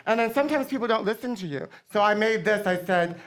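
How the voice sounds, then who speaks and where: A middle-aged man hosting a comedy show, telling campy, gossipy stories to a live audience with deadpan punchlines. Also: high voice, quick pace. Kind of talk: comic storytelling to a live audience.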